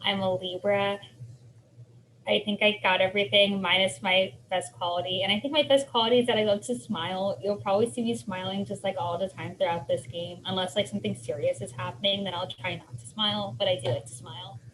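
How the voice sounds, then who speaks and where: A woman's voice: mid-range voice, fairly even intonation, brisk, fairly bright tone, slight background noise, low-quality recording. A nineteen-year-old woman from Florida introducing herself as a game contestant, upbeat and chatty. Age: late teens.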